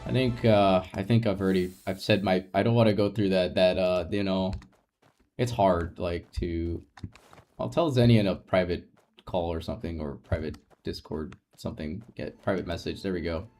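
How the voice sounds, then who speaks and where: A deep, darkish voice with fairly even intonation and a moderate pace: this man is streaming a game and chatting casually with viewers, rambling in an openly emotional, reassuring way while often laughing and restarting his sentences. Slight background noise is audible.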